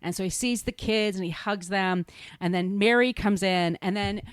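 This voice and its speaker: Casting: mid-pitched woman host, chatty and rambling, dry studio sound. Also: normal speed, smooth, dry recording. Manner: chatty, rambling, laughing at herself. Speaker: podcast host. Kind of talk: casual movie recap.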